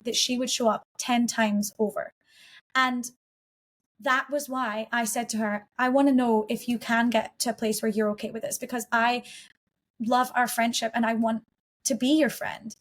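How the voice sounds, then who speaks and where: Woman podcast guest, higher voice, earnest and heartfelt personal storytelling. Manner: earnest, heartfelt, with frequent restarts.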